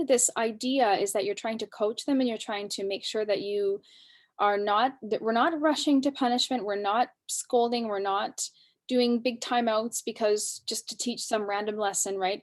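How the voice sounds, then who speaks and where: A woman in her thirties, a parenting coach, gives a casual workshop talk and often acts out lines from parents and children in a lively way. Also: mid-range voice.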